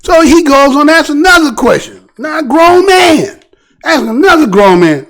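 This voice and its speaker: A man hosting a news commentary show, talking in an animated, preachy way and firing off rhetorical questions. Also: extremely high pitch, moderate pace. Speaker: show host.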